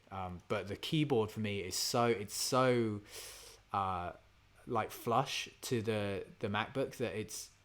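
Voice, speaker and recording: A man talking casually while writing a song, thinking aloud, trailing off and trying lines under his breath. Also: on the low side. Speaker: singer-songwriter streaming a songwriting session.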